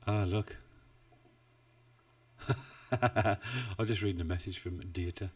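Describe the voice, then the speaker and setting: A man's voice: sits low, fairly even intonation, takes it slowly, breathy edge, recorded from a distance. A man chatting casually on a trading live stream, rambling and self-deprecating, with frequent chuckles. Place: home desk in the UK. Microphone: desk mic, not well placed.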